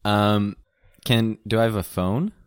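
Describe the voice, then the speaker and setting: A man's voice: fairly low pitch, a little slow, smooth, no echo, clean studio sound. A man playing a tabletop game, joking around in casual chat. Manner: joking, laughing easily. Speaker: player.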